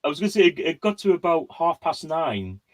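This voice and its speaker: A man's voice: on the high side, sing-song, brisk. Rambling man hosting a quiz. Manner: rambling storyteller, many fillers and restarts. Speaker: quiz host. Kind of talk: casual chat.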